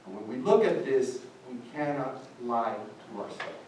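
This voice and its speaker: A man's voice: medium pitch, animated, measured pace, a little mellow, slight background noise. An older man from Cuba with a Cuban accent, speaking emphatically as a seminar panelist and switching into Spanish as he speaks. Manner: passionate and emphatic, switches into Spanish, voices quoted people. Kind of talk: impassioned public talk. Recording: echoey hall, distant mic, faint ambience.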